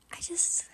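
A young woman telling a rambling personal story in a quiet, hushed way, full of fillers. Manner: chatty, rambling, many fillers. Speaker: vlogger. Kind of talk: casual storytime chat.

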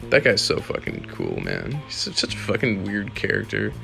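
A man's voice: deep voice, wildly swooping pitch, a little fast, vocal fry, hardly any pauses, bright, forceful tone, soft background music. A young man hosting a casual solo podcast, rambling and profane, laughing now and then as he talks. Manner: rambling, profane, laid-back, laughs often. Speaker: podcast host.

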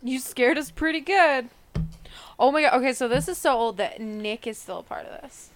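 A woman's voice: high voice, moderate pace, dry recording. A woman co-hosting a podcast, chatting casually and laughing often. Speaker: podcast co-host. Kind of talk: casual chat, reacting to a show.

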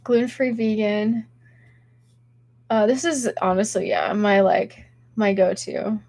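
A woman's voice: mid-range voice, slow, darkish tone, dry recording, clean studio sound. A young woman hosting a casual livestream podcast, chatting with her chat while sick and stuffy, with lots of giggles and filler words. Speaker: podcast host reading chat.

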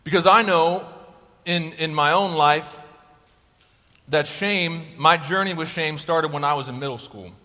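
A young man, a youth pastor, preaching to a crowd of students in an upbeat, joking, energetic way. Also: a little high, unhurried. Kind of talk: youth sermon. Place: large worship hall. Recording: long hall reverb.

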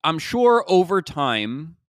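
A man hosts a solo podcast, musing casually and posing rhetorical questions to himself, often restarting his thoughts. His voice sits on the high side with big pitch swings and a slow pace, recorded in clean studio sound without echo.

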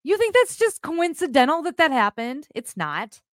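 Woman podcast host, casual live-stream chat, blunt and animated, higher voice, dry close sound. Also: normal speed, no echo. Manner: animated, blunt, swears, rambling asides.

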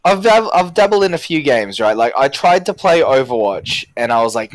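Lively Australian man chatting casually. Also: mid-range voice, normal speed, no room sound. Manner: animated, rambling, frequent fillers. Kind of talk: casual chat.

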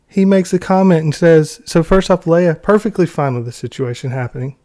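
A man talks in loose, casual commentary, heavy with sarcasm and mock outrage. His voice sits a little higher than most men's. He rambles, restarts and piles on exaggerated scorn. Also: normal speed, few pauses, darkish tone. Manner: sarcastic, ranting, mocking.

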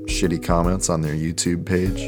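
A man's voice: low-pitched, flat delivery, normal speed, music in the background. A man co-hosting a podcast in casual chat, laid-back and rambling, swearing now and then. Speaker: podcast co-host.

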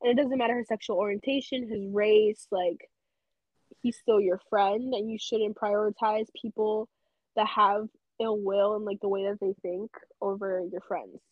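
Husky-voiced woman chatting emphatically. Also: mid-range voice, fairly even intonation, dry recording, lo-fi sound. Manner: emphatic and quick to agree. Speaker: podcast co-host. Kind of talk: casual chat.

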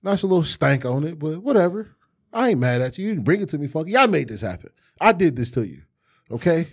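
Husky, animated man in crude banter. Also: a little high, brisk. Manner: crude, boastful banter with a lot of slang. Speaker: podcast co-host. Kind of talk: casual chat.

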